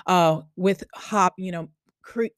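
A woman's voice: lowish voice, fairly even intonation, slow pace, clear, resonant tone, no echo, clean studio sound. Bubbly Long Island woman hosting. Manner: bubbly, enthusiastic, chatty. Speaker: podcast host. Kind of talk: casual podcast chat.

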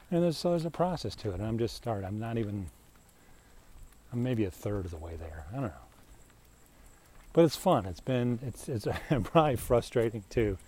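A man's voice: fairly low pitch, dark tone. A man hosting a podcast as casual talk while he walks his dog outdoors, rambling and chatty, talking to the dog as he goes. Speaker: podcast host. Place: outdoors on a walk. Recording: faint outdoor noise with insects.

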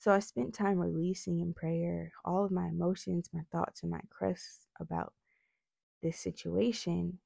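Gravelly low-voiced woman teaching on prayer. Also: level tone, a little slow, dark tone, dry recording. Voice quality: slight lisp from retainers. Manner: earnest, says "right?" often. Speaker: faith vlogger. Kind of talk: devotional teaching talk.

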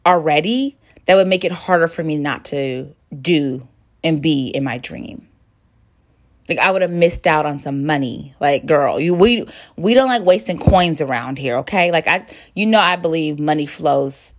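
A woman hosting a podcast, who talks straight to her listener in a warm, sisterly way and shares her feelings openly. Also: lowish voice. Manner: emotive, sisterly, addresses listener directly. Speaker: podcast host. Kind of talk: personal motivational monologue.

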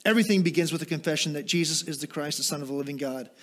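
High-voiced man preaching a sermon. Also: rapid-fire. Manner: rhetorical questions, shifts from rising fervor to quiet teaching asides. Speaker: pastor.

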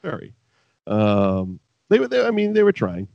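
A man's voice: fairly low pitch, huge pitch swings, normal speed, creaky, darkish tone, no echo. A man co-hosting a podcast, chatting casually about old wrestling and rambling with profanity and laughing asides. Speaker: podcast co-host. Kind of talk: casual wrestling recap chat. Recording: dull lo-fi dry sound.

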